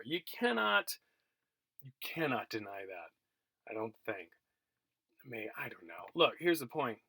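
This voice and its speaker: A man's voice: medium pitch, sing-song, measured pace, vocal fry, pauses often, sharp tone, husky, dry recording. A middle-aged man teaching a college class by recorded video, telling a story in a chatty, self-mocking way with lots of fillers and restarts. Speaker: college geography instructor. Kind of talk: recorded remote lecture, storytelling. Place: at home, recorded for remote teaching.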